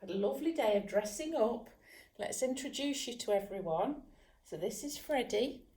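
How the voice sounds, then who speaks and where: A woman, a children's author, reading a bedtime story at home in a gentle, soothing manner that sometimes drops to a whisper. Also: on the high side, expressive, moderate pace. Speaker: children's author and dog trainer. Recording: roomy echo.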